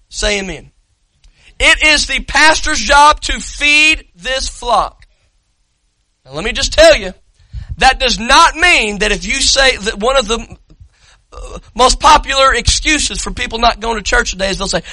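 A man preaching an impassioned sermon as pastor, telling a story dramatically and rising to shouts. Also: very high-pitched, expressive, unhurried, no echo, poor audio. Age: adult parent.

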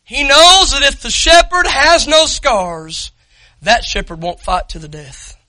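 High, bright preacher man. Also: lively intonation, a little slow, no room sound, low-quality recording. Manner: impassioned preaching, shouting and breaking into tears at peaks. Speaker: pastor. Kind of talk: sermon.

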